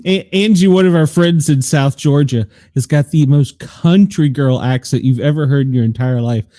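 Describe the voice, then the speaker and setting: A man's voice: fairly high pitch, moderate pace, mellow. A man co-hosting a podcast in a casual, giggly chat. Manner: giggly, laughs a lot. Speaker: podcast co-host.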